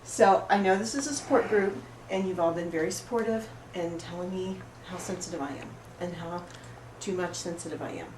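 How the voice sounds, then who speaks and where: An actress playing an oversensitive, apologetic woman at a support group, rambling through an improvised monologue in a rough, emotionally raw way. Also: fairly low pitch, brisk, few pauses, lightly acted. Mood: pleading. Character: oversensitive, apologetic woman pouring out her woes. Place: roomy studio space. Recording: echoey room, far mic, background noise.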